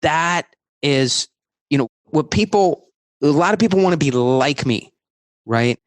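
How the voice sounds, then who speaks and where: A man talking as a guest on a podcast interview, emphatic and rapid-fire, acting out his sales talk. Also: on the high side, expressive, no room sound.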